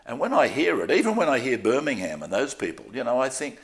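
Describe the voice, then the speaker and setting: An older Australian sports broadcaster rattles off stories fast, barely pausing, in a mid-range voice. The interview is relaxed, and he comes across as candid and self-deprecating.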